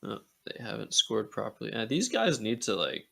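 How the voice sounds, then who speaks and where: Gravelly-voiced man commentating a game. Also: lowish voice, very animated, normal speed, sharp tone. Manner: joking, sarcastic asides. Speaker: Scrabble commentator.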